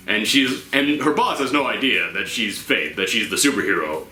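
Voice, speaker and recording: A man's voice: mid-range voice, expressive, normal speed, bright, forceful tone, roomy sound, soft background music. A man hosting an enthusiastic comic book review, acting out quoted lines in changing voices. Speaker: host.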